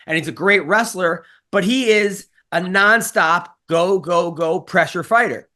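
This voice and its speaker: A man's voice: high-pitched, measured pace, pushed and bright. A man co-hosting a podcast, chatting in a rambling, profane, jokey way and doing a playful ad read. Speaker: podcast co-host. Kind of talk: casual podcast chat with ad read.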